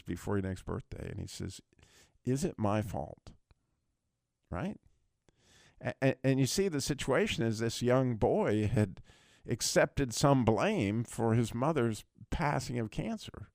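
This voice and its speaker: A man's voice: mid-range voice, a little mellow, no room sound, clean studio sound. Earnest, rambling Christian radio host, man. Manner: earnest, rambling, repeats words while retelling a film. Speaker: radio talk show host.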